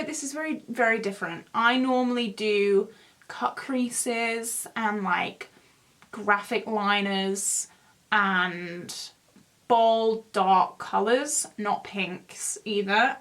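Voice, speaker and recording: Chatty young woman, fairly high voice. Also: fairly bright tone. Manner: chatty, rambling, self-mocking; talks while doing her makeup. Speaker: beauty vlogger. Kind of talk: casual get-ready-with-me chat.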